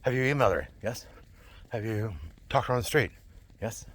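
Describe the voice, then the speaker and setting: A man's voice: medium pitch, a little fast. A man talking to camera in a rambling, digressive monologue, repeating himself and laughing often. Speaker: vlogger.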